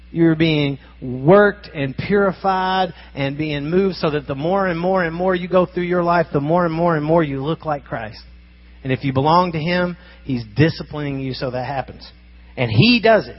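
A man's voice: on the high side, muffled recording. A man preaching a sermon in a conversational, emphatic way, asking his listeners rhetorical questions. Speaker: pastor.

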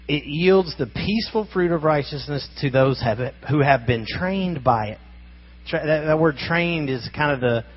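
A man's voice: mid-range voice, breathy edge, highs cut off. A man preaching a sermon in a conversational, emphatic way, asking his listeners rhetorical questions. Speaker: pastor.

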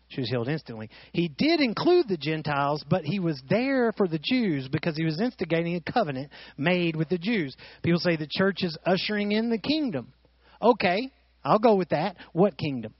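A man preaching with a high voice, animated and full of rhetorical questions to his listeners. The sound is dry and a bit dull, as if it came off a modest recording. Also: moderate pace, dry recording. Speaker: pastor. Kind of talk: sermon.

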